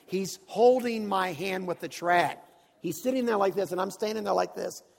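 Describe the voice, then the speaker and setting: Animated preacher man in a reverberant hall. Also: high voice, normal speed, creaky. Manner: animated, dramatic, swings from hushed to shouting. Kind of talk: storytelling sermon. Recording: long reverb of a large hall.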